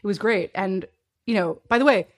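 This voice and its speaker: A woman in her thirties, a guest in a casual chat, telling an animated story and acting out quotes with laughs. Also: medium pitch, a little fast.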